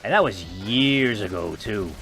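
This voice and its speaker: Animated joking man giving gameplay commentary. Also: fairly low pitch, a little slow, faint music behind. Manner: rambling, joking, excitable. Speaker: gaming video host.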